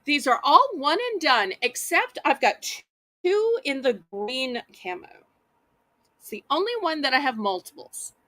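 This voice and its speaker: A woman's voice: high-pitched, sing-song, a little slow, a bit bright, no echo. A woman with a Southern US accent hosting a live online auction, chatting in a folksy way and talking straight to her viewers. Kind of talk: live-stream auction selling.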